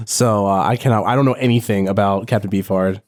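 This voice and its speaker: A man's voice: fairly low pitch, steady tone, a little fast. A young man co-hosting a casual music podcast, rambling and hesitant, with casual swearing. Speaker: podcast co-host.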